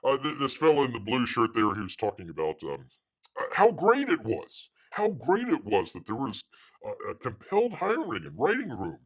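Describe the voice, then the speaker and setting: A man's voice: mid-range voice, huge pitch swings, moderate pace, breathy edge. A man hosting his own livestream show, ranting in a sarcastic, mocking way with lots of filler words. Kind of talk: casual ranting commentary.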